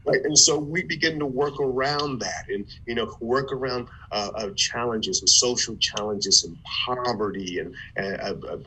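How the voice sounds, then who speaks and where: A man from Ohio, a former football player turned motivational speaker, telling his life story in an animated way with stammered restarts. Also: medium pitch, normal speed, few pauses, a little hiss or hum, low-quality recording. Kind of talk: conversational storytelling.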